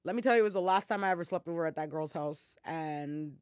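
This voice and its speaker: A woman's voice: sits low, fast, clean tone, dry recording. Young woman podcast co-host, chatty storyteller, salty language, dry close mic. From Ottawa, Canada. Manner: animated storyteller, acts out quotes, swears freely. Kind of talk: casual storytelling chat.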